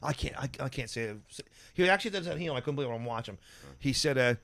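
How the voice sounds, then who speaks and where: A man's voice: medium pitch, animated, rapid-fire, creaky, a bit bright, dry recording. A man telling rambling comic anecdotes on a podcast, often breaking into laughter. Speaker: podcast guest. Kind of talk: casual storytelling chat.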